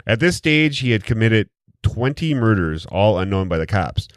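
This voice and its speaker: Male podcast host, low-pitched, irreverent and crude, dead dry room. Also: sing-song, normal speed, dry recording. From Wisconsin, USA. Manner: crude, joking, reads quotes aloud. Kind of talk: casual podcast chat.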